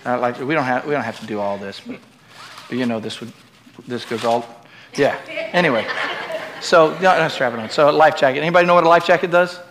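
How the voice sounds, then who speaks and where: A middle-aged male pastor preaching a sermon in a church, swinging from loud, emphatic preaching to relaxed, joking asides with the congregation. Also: medium pitch, a little fast, background noise.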